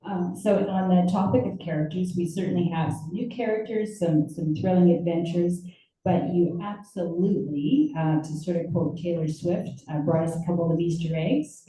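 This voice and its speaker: A woman hosting a book conversation, asking questions in a halting way with many fillers. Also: lowish voice, warm tone, recorded from a distance. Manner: hesitant, lots of uh and um fillers. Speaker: event host interviewer. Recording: very echoey room, voice from afar.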